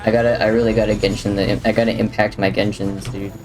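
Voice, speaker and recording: This man talks fast in a lowish voice with a flat delivery as he streams a game live. Casual and jokey, he reads viewers' messages and alternates between speaking to chat and to the game, over faint game music.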